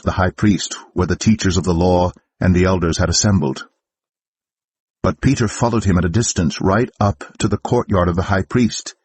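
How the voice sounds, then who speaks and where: A man narrating scripture aloud for a church in a steady, measured way. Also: low voice, breathy edge. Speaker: Bible reader. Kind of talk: scripture reading.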